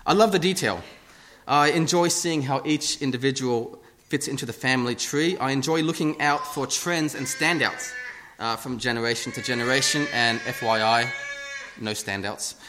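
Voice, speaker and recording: A man's voice: mid-range voice, moderate pace, sharp tone, a little hiss or hum. A man giving a casual, self-deprecating sermon into a lectern microphone in a church. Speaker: lay preacher. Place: church hall.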